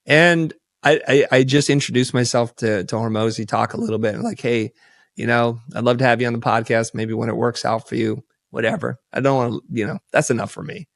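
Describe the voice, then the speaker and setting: A man guesting on a podcast, telling stories in a casual, animated way and acting out quoted dialogue. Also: mid-range voice, fast talker, vocal fry, no echo. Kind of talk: casual storytelling.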